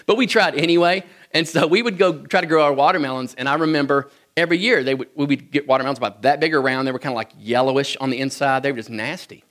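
This man, a Kentuckian, delivers humorous boyhood anecdotes to listeners at a quick clip, barely pausing. His medium-pitched voice is a bit bright, and his folksy, joking style comes with plenty of chuckles.

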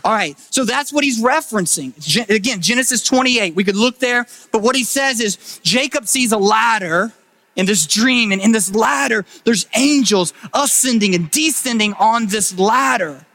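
A male pastor giving a casual, animated sermon, acting out quotes in everyday slang. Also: high-pitched, moderate pace, big-room sound.

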